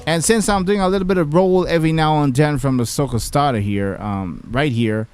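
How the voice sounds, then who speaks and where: With music in the background, a man talks through making a beat, a producer sounding laid-back and conversational with plenty of fillers. His voice is a little high and fairly quick.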